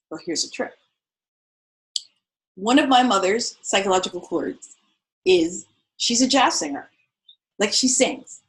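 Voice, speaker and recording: A woman teaching solo performance in a live-streamed talk to viewers. She is expressive and conversational, swinging between loud and soft and often checking in with "okay?" and "right?". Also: mid-range voice, rough recording.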